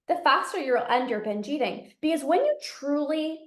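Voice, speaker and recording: A high-pitched woman speaks earnestly and encouragingly in a solo podcast monologue. Her voice bounces around an echoey room. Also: expressive, normal speed. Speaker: podcast host and binge eating coach.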